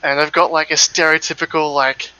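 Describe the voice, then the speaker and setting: A man's voice: fairly high pitch, little pitch movement, brisk, bright, forceful tone, smooth, no echo, low-quality recording. A man with an Australian accent, chatting casually during a sim race stream, laughing often and swearing freely while telling rambling stories. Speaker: sim racing stream co-host. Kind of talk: casual chat.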